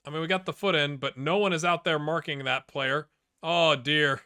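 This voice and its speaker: A man commentates on his football management game, chatting to the screen and shouting at his own players. His voice sits fairly high and sounds bright, with a dry, close recording. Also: moderate pace, clear, resonant tone, no echo. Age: middle-aged. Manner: excitable, talks to players on screen. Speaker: gaming YouTuber. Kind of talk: let's play commentary.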